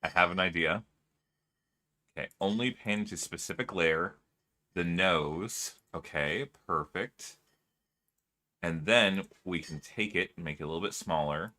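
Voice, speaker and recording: Male streamer, casual chat, playful and giggly, bright tone, unhurried delivery. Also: sits low.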